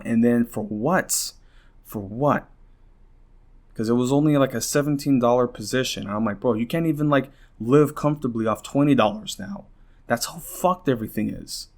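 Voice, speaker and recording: Frustrated young man ranting, close to tears. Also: medium pitch. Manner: frustrated, rambling, swearing, many restarts. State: near tears, worn out. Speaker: podcast host. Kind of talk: personal rant on a podcast.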